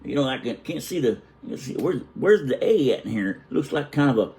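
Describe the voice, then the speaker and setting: A man putting on the voice of his older uncle, gruffly ribbing a boy in a crude, teasing way. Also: medium pitch, steady tone, very fast, pitched above the performer's own voice, close to an everyday voice. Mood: mocking.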